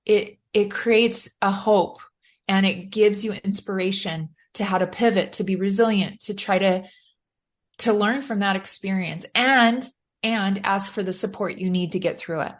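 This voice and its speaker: A woman's voice: mid-range voice, fairly even intonation, a little slow. A middle-aged woman, a motivational speaker, giving earnest and encouraging advice as a guest in a podcast interview.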